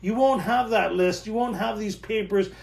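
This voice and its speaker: This recovery workshop speaker, a middle-aged man with a high-pitched voice and some vocal fry, shares stories informally from home at a normal speed. He's animated, laughs a lot and repeats himself for emphasis, and the audio echoes like a bare room.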